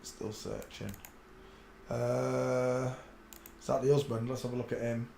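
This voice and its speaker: A man talks his way through a solo livestream, mostly muttering low to himself. Now and then he breaks into loud, excited outbursts. He is blunt and crude, and the sound carries the echo of a roomy room with a faint hum underneath. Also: unhurried, gravelly. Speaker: livestream host. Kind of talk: rambling solo livestream commentary.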